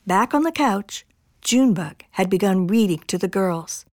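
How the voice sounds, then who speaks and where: A woman reading a children's picture book aloud in an expressive, bouncy storytelling manner. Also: mid-range voice, moderate pace, no room sound, clean studio sound. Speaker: storybook reader.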